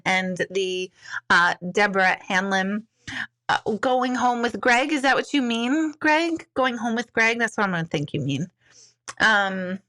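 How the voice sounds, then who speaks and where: Woman, middle-aged, spiritual medium, casual livestream chat, animated asides, mid-pitched voice. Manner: chatty and animated, quick asides and self-deprecating laughs. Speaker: spiritual medium hosting a live Q&A. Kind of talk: casual livestream chat reading viewer comments.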